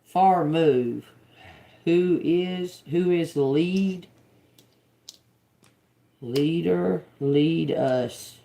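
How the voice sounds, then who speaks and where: A woman on a casual livestream, slowly reading out and repeating words one by one. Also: low-pitched, creaky, dark tone. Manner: slow, drawn-out, repeats words as she reads them. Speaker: tarot reader on a livestream.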